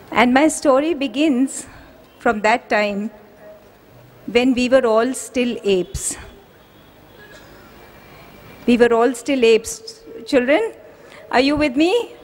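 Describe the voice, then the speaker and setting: A woman with an Indian English accent addressing students at a school event, telling a story slowly and dramatically and asking the children questions. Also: a little high, lively intonation. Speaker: school vice-chairperson.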